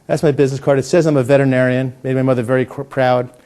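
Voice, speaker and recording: A man's voice: mid-range voice, level tone, rapid-fire, mellow, slight background noise. A middle-aged man performing coin magic with jokey patter, then explaining the trick, often restarting his words. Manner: joking, punny, stammers and restarts. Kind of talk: comedic magic patter and teaching.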